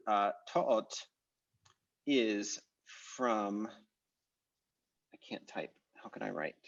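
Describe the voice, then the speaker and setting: Low-voiced man teaching over video call. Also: gravelly. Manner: casual, thinking aloud, self-correcting. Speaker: language teacher. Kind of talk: online class teaching. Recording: dull, muffled video call audio.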